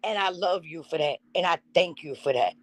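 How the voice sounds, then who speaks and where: A woman's voice: lowish voice, fairly quick, dry recording, low-quality recording. A woman hosting a live stream, giving a heartfelt tribute and talking straight to her chat. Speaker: channel host.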